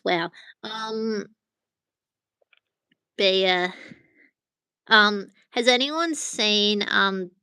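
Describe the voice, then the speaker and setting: A woman streams live from her phone, chatting to viewers in a loose, rambling way. Her voice is bright and crisp. The sound is close and dry. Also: medium pitch, dry recording. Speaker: livestream host. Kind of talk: casual livestream chat with viewers.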